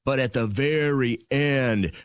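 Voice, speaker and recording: A man's voice: medium pitch, slow, clean tone, no room sound, studio quality. A middle-aged man co-hosting a casual radio show, telling a long story with self-mocking asides. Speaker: radio co-host. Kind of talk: casual morning radio chat. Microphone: studio microphone.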